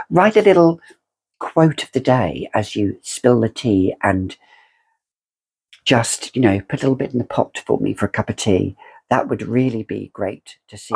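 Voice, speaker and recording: A woman's voice: rumbling low, creaky, a little mellow, slightly rough. A British woman reviewing fragrances in a casual vlog, theatrical and effusive as she gushes over scents. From Britain. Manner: theatrical and effusive, gushing descriptions.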